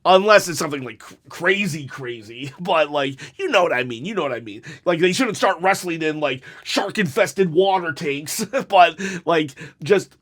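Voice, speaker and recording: Guy with a high voice just chatting loosely, laughs a lot, keeps restarting his sentences. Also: lively intonation, normal speed, hardly any pauses, fairly bright tone. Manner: rambling, laughing, self-correcting. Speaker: host reading viewer hot takes. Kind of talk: casual chat.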